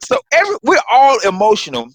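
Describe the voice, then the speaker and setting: A man and guest comedian telling a story in casual, animated chat on a remote call, swearing and acting out voices. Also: extremely high pitch, fast, no room sound, poor audio. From Florida. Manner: animated, profane, acts out voices.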